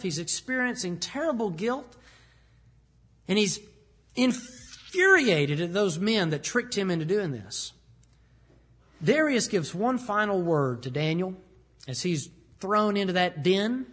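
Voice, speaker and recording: A husky, fairly high-voiced man delivers a sermon. His delivery is animated, and he slips into the voices of the people he is telling about. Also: normal speed. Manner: animated, acts out the king's lines. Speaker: preacher.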